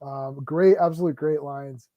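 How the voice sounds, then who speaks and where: A man hosting a livestream in casual chat, excitable and stumbling over his words as he restarts sentences. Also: fairly high pitch, a little slow, dry recording, highs cut off. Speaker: livestream host.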